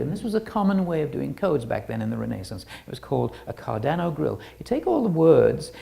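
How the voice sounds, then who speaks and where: Gravelly low-voiced woman giving a talk. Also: mellow. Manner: rambling, restarting sentences. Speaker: presenter. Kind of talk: illustrated talk with slides.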